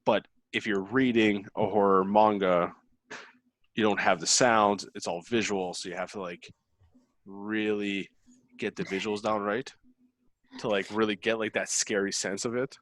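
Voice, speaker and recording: Low-voiced man chatting loosely. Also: fairly even intonation, a little slow, a bit bright, no echo. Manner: rambling, many fillers. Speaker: book club member. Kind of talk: casual chat.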